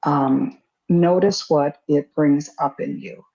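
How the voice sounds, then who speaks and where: Gravelly, mellow woman giving hesitant readings. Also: deep voice, fairly even intonation, takes it slowly. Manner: meandering, hesitant, self-deprecating. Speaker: psychic co-host. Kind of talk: live-stream reading. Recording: dull lo-fi audio.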